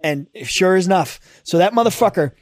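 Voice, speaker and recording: Rambling profane man, higher voice. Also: lively intonation, fairly quick, dry recording, studio quality. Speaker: podcast co-host, former Marine. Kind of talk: casual chat.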